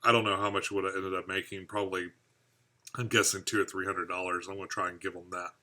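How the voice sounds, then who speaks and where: A man's voice: sits low, little pitch movement, quick pace, sharp tone. A man from the United States hosting a casual live stream about his aquarium hobby. He rambles and chats while answering viewer comments. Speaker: aquarium hobby channel host.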